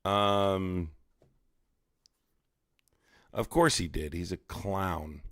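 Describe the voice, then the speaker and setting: A man's voice: low voice, fairly even intonation, drawn-out words, fairly bright tone, no room sound, studio quality. A man hosting a livestream, ranting in a profane, mocking, rambling way. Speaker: live streamer host. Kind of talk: casual ranting livestream commentary.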